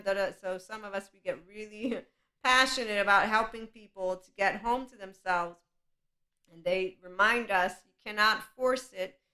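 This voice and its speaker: A woman's voice: medium pitch, sharp tone. A woman hosting a podcast, talking in a passionate, rambling spiritual monologue and laughing often. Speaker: podcast host.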